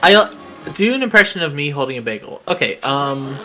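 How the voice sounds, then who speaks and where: Playful woman streamer with lively pitch. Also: fairly quick, soft background music. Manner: playful, jokey. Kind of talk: casual chat while gaming.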